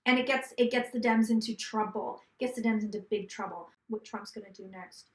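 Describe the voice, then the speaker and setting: Woman psychic, high-ish voice, fast run-on patter, echoey room. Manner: rapid run-on delivery, talking like an auctioneer; emphatic, repeating lines for stress. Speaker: psychic reader. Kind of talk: live tarot reading.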